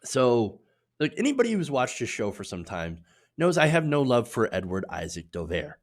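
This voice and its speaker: A man hosting a political commentary show, talking in an opinionated, animated way with many fillers and tag questions. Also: mid-range voice, moderate pace. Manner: animated, opinionated, filler-heavy delivery with frequent "uh" and "right?".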